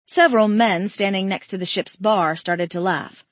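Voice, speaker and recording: A woman's voice: mid-range voice, moderate pace, no echo. Woman reading a story aloud, dry. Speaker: narrator.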